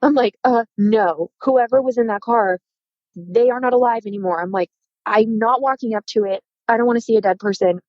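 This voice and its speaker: Animated woman telling a story. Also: fairly high pitch, brisk, no room sound, lo-fi sound. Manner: animated, acts out quoted dialogue. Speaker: podcast guest. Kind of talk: casual storytelling.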